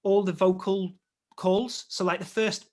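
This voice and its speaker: A young adult man, an actor and interview guest, telling his story in a lively, casual way and acting out remembered conversations. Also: high voice, a little slow.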